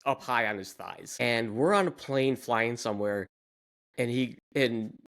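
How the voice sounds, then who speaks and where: A man hosting a podcast, telling a travel story in casual chat, lively and laughing as he goes. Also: medium pitch, a little slow. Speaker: podcast host.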